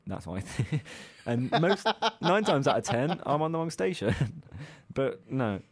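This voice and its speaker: A man co-hosts a casual podcast chat in a mid-range, sing-song voice at a measured pace. He rambles and mocks himself, filling his speech with ums and little laughs.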